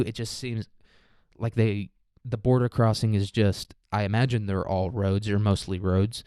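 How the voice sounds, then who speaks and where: A young man with a low, smooth voice hosting a loose solo podcast. He rambles through his points, swears freely and drops joking asides. The sound is dry and close on the mic. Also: fairly even intonation, normal speed, warm tone, no room sound. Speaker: podcast host. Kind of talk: casual solo podcast monologue.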